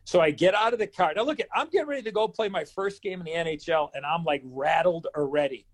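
A man's voice: fairly high pitch, fast talker, hardly any pauses. A man in his fifties, a former hockey player, telling a story in an interview and acting out the dialogue. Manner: animated storyteller who acts out dialogue.

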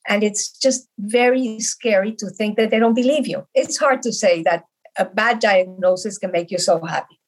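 A woman's voice: mid-range voice, normal speed, breathy edge, poor audio. A middle-aged woman from Canada, a podcast guest, telling her story in earnest conversation and stressing her points with repeated words. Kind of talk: conversational interview.

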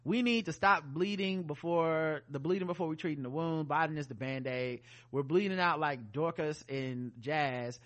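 A man's voice: a little high, moderate pace, few pauses, a bit bright. A man co-hosting a podcast, reading listener emails aloud with joking asides. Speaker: podcast co-host. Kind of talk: casual podcast chat reading listener mail.

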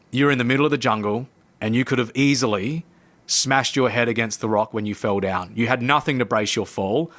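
A man, a podcast guest, telling a personal story in animated conversation and acting out his own past lines. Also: medium pitch. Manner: lively narrator who acts out his own past lines. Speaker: podcast guest, coach and speaker.

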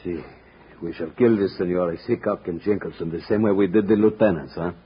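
A man's voice: low-pitched, brisk, breathy edge. An actor playing a sly knife-wielding henchman in a 1950s radio drama. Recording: dull lo-fi old radio recording with faint hiss.

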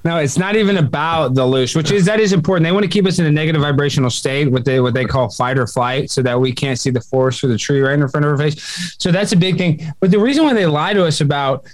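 A man in his thirties, a guest on a casual comedic podcast, talking loudly and emphatically and often over the others. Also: on the high side, fast, no echo. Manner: loud, excitable and emphatic, talks over others.

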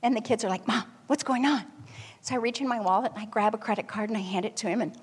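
A woman telling a personal story to an audience in a lively, animated way. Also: mid-range voice, racing, breathy edge, long reverb tail.

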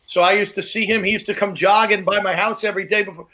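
A man hosting a casual podcast chat, chiming in eagerly with quick reactions and his own stories. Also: high-pitched, fairly even intonation, bright, forceful tone.

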